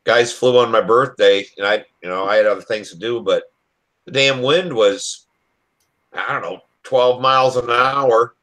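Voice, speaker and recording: On a video call, a plain-spoken Michigan man with a mid-range, fairly bright voice talks a little slowly. He's chatting casually and swapping stories, and he keeps asking the others questions.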